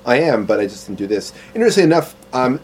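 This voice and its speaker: A man co-hosts a podcast in a rambling, stumbling casual chat and is quick to laugh. His voice has an average, mid-range pitch. Faint hiss sits under it. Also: big pitch swings, a little mellow, poor audio. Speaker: podcast co-host.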